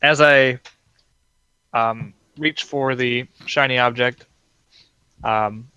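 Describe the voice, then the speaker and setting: A man's voice: medium pitch, steady tone, extremely slow, pushed and bright, smooth, no echo, muffled recording. Hesitant young man playing a tabletop game. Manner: hesitant, many ums, wry. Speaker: player. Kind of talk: casual chat in a tabletop game.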